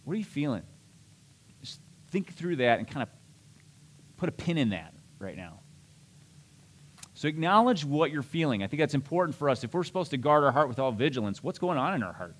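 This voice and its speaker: A man's voice: a little high, big pitch swings, a little fast, long pauses, a bit bright. Conversational male pastor preaching a sermon. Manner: conversational, self-deprecating, with restarts and asides.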